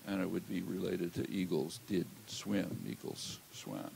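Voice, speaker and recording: Older man lecturing, low gravelly voice. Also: steady tone, warm tone, slight background noise, poor audio. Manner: measured, halting, many "uh" fillers. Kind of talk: academic lecture. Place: lecture hall. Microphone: handheld or lectern mic.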